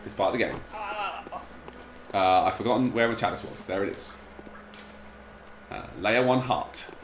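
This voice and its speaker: A man's voice: lowish voice, normal speed, reverberant, slight background noise, low-quality recording. A man hosting a gameplay stream, chatting casually and rambling while he plays. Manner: rambling, distracted while playing. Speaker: gaming streamer.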